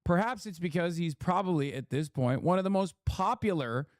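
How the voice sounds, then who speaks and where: A man's voice: sits high, expressive, moderate pace, dry recording, studio quality. A man streaming political commentary, swearing and ranting as he reads chat and polls. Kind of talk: casual livestream commentary.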